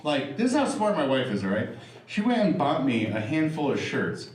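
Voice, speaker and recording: A man's voice: mid-range voice, very animated, moderate pace, far from the mic. A middle-aged man doing a profane, chatty stand-up comedy set with crowd work, on a club stage mic. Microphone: stage microphone. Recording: roomy live stage recording. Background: audience laughter.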